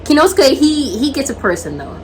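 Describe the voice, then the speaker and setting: A woman's voice: high voice, sing-song, fairly quick, a little hiss or hum, rough recording. A woman co-hosting a casual talk, retelling a story and acting out the characters' lines. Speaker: podcast co-host. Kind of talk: casual anime discussion.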